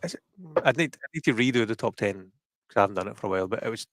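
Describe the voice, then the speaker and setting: A Scottish man with a softened Glasgow accent, chatting casually and rambling with restarts while commenting on a film. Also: lowish voice, lively intonation, racing, no echo. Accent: Glaswegian, softened. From Scotland. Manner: rambling, restarts, self-deprecating. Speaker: guest commentator. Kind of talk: casual watch-party chat.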